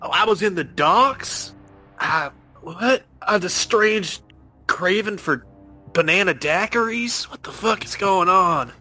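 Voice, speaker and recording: Man voicing a confused spell-shocked guy, high, bright and pleading, faint music behind. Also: lively intonation, measured pace, heavily acted. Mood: bewildered. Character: dazed confused adult man waking from a spell.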